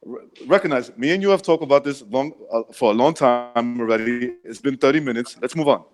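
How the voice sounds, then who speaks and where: A man's voice: mid-range voice, fairly quick, faint music behind. Cursing man ranting on a podcast. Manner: profane, loud outbursts. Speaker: podcast co-host. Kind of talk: casual banter.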